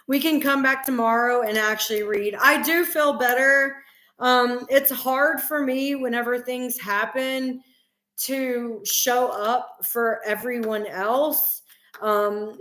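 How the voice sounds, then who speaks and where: A woman in her forties hosting a casual livestream chat, soft-spoken and hesitant, often restarting her sentences. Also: a little high. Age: 40s. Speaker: livestream host. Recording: echoey room.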